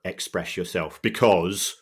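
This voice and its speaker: Earnest middle-aged man, lowish voice. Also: steady tone, slightly rough. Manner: earnest, reflective, halting. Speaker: podcast co-host. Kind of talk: casual podcast chat.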